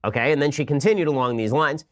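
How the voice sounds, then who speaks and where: Rapid-fire sarcastic male commentator. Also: fairly high pitch, fairly bright tone. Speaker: podcast host. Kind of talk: political commentary.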